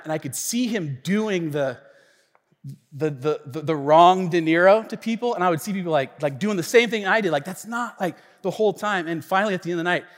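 A male pastor telling a story in his sermon, acting out the lines of the people in it, recorded in a church. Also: fairly high pitch. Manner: animated storytelling, acts out friend's lines. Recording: long reverb of a church hall.

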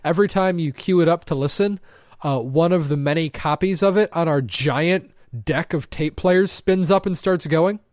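A man's voice: a little high, moderate pace, a little mellow, no room sound, studio quality. A man co-hosting a podcast, chatting casually in a rambling, self-deprecating way with a slight lisp. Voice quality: slightly lispy. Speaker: podcast co-host. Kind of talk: casual comedic chat.

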